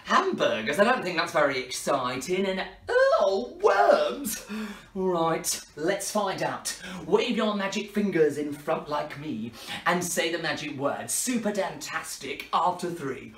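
A man's voice: a little high, animated, measured pace, a bit bright. A man hosting a children's party show, talking to the kids in a playful, mock-dramatic way. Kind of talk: kids' party performance. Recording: roomy, from a distance.

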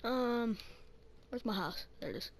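During casual let's-play commentary, a gaming channel host mutters slowly to herself and swears frequently. Her voice is fairly high, expressive and creaky, with background noise in the recording.

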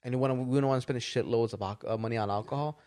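Profane, animated man telling a story. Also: medium pitch, racing. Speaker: podcast co-host. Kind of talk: casual storytelling chat.

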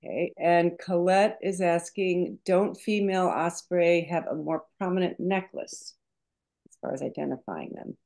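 Lower-voiced woman moderating questions. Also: creaky, a little mellow. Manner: brisk, reads out questions. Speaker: moderator reading audience questions. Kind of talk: webinar Q&A moderation.

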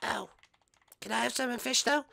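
A man doing a shrill scolding cartoon mom. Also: normal speed, gravelly, pushed and bright, full character voice. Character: nagging, fussy cartoon mom.

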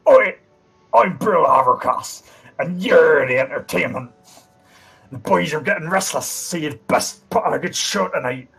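A man's voice: a little high, lively intonation, unhurried, vocal fry, a bit bright, breathy edge, exaggerated voice. A man voicing a lanky, cocky bandit leader, brusque and bossy.

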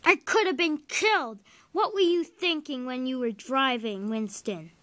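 A stout railway boss barks orders and scolds his engines in a homemade toy train story, as a woman puts on his voice. The voice sits fairly high and moves at an unhurried pace. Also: pushed and bright. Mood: angry. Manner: commanding, scolding. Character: stout bossy railway controller, man.

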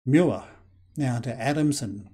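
A Scottish man giving casual, excitable play-by-play commentary over a football management game, with lots of fillers. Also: medium pitch, takes it slowly, husky. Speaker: game channel host.

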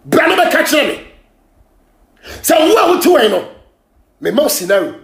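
A Ghanaian man hosting a gossip show, ranting and scolding in heated commentary, often shouting, switching between Twi and English. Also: extremely high pitch, very animated, normal speed, vocal fry, echoey room.

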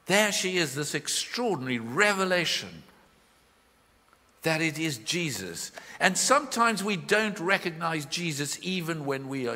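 Lively preacher with a bright voice. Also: male voice, a little high. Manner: expressive, questioning, voices the Bible figures in his retelling. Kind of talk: live sermon. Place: church, live. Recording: hall reverb from a live church.

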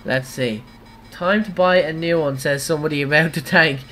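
An Irish woman livestreaming gameplay, giggling often and breaking into excited squeals and shouts. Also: sits low, moderate pace, faint music behind. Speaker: gaming livestreamer. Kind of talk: live gameplay commentary.

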